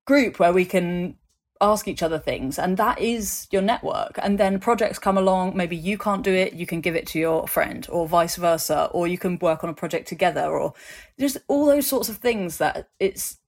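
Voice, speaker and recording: A woman talks as an interview guest in a fairly low voice. Her stories are animated and full of fillers. She slips into other people's voices as she tells them. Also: normal speed. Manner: animated storytelling, acts out voices in anecdotes, many fillers. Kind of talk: conversational interview.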